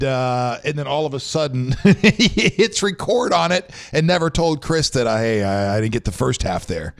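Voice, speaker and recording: A man hosting a live-streamed show, chatting loosely and joking with viewers. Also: a little high. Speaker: show host. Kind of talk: casual live-stream chat.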